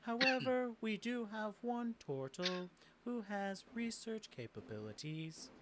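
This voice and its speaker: A man's voice: sits high, big pitch swings, unhurried, heavy background noise, voice pushed up. A man playing a stiff mechanical judge. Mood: formal. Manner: stiff, formal, precise phrasing. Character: formal male mechanical construct who judges newcomers.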